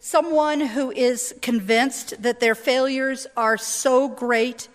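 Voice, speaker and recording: A woman's voice: fairly high pitch, fairly even intonation, takes it slowly, in a large hall. A woman pastor preaching a sermon in a church sanctuary, talking conversationally and reading scripture expressively.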